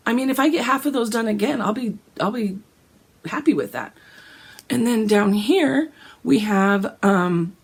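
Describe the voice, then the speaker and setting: A woman, hoarse and gravelly from a cold, chatting casually about her cross-stitch plans and often clearing her throat. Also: a little mellow. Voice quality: gravelly, deep. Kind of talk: casual chat.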